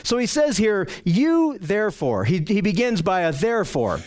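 A man with a notably high-pitched voice delivers an expository sermon. He reads scripture aloud, then breaks it down patiently, leaning on repetition to drive his points home. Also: big pitch swings, normal speed, darkish tone. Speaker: pastor teaching a Bible study. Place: church with slides on a screen.

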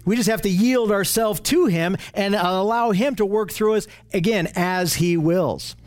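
A man's voice: sits high, measured pace. A man leading a Bible study, explaining scripture in an earnest way and often checking in with his listeners. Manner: earnest and explanatory, often asks the group questions.

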